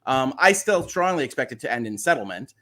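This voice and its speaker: A man's voice: medium pitch, sing-song, brisk, sharp tone. Chatty man hosting a legal livestream. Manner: chatty, reads viewer questions aloud, explains legal points. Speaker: host. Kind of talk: casual livestream chat on legal news.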